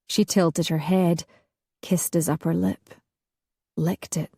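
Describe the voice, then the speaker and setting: Slow, husky woman narrating romance. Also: fairly low pitch, steady tone, no room sound, studio quality. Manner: slow, hushed, sensual reading. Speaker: audiobook narrator.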